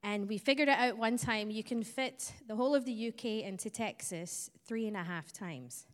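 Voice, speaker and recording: A woman's voice: medium pitch, moderate pace. A woman from Scotland with a Scottish accent, a missionary giving a friendly presentation to a church congregation with light chuckles. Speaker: missionary speaker. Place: church sanctuary. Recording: long church hall reverb.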